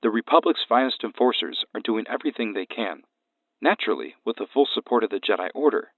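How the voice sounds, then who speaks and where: A man voicing a stern, scarred alien Jedi master who speaks in a cold monotone. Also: on the low side, fast, no echo, phone-quality sound. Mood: cold, formal.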